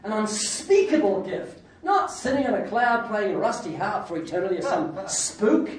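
A man preaching a sermon with lots of jokes and his own laughter, breaking into sudden loud outbursts. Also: high-pitched, sing-song, moderate pace. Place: church hall. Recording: echoey hall, distant mic, faint noise.

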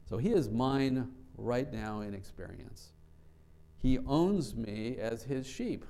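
Male preacher, low gravelly voice with a dark, mellow tone, earnest and a little halting. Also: animated. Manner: earnest, repeats words, slow deliberate scripture reading. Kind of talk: Bible study sermon.

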